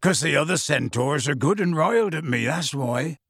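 Casting: a man doing a gruff, secretive giant of a gamekeeper, clipped and colloquial, fairly high voice, dry recording. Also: expressive, moderate pace, a bit bright, no echo, exaggerated voice.

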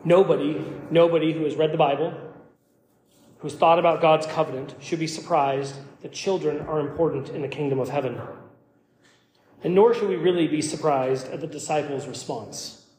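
Pastor, male, high voice, emphatic sermon delivery, booming hall reverb. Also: moderate pace, a little mellow. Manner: emphatic, repeats words when starting phrases. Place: church sanctuary. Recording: echoey church hall.

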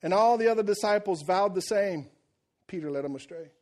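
Animated high-voiced preacher man. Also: brisk. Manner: animated storytelling with acted-out quotes and jokes. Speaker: pastor. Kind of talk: sermon.

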